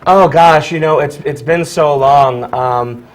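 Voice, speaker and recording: A man who teaches high school drama, from Virginia, talking casually in an interview with lots of fillers and laughs. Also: slow, a crowd in the background, low-quality recording. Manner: chatty, laughs often, many fillers and restarts.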